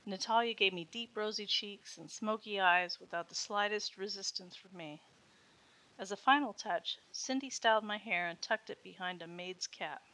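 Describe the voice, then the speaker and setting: Bright-voiced woman narrating a story. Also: mid-range voice, moderate pace. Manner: steady first-person storytelling. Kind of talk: scripted erotic story narration.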